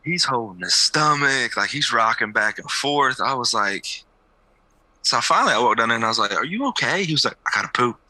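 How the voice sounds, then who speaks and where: A young man co-hosting a podcast, a basketball coach telling animated stories in a casual sports chat, with big jumps in pitch at the punchlines. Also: fairly quick, no echo, poor audio.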